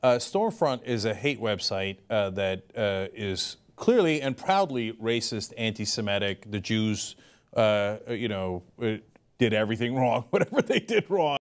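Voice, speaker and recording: A man's voice: on the low side, animated, a little slow, clear, resonant tone. A man hosting casual political commentary, sarcastic and often laughing as he mocks what he quotes. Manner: sarcastic, laughing, mocking impressions.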